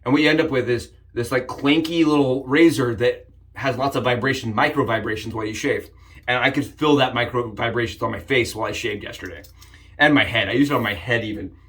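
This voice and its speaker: A man hosting a casual shaving vlog, upbeat and jokey, rambling with frequent restarts and sudden excited jumps in pitch. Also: a little fast. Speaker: shaving channel host. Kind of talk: casual shave demonstration vlog.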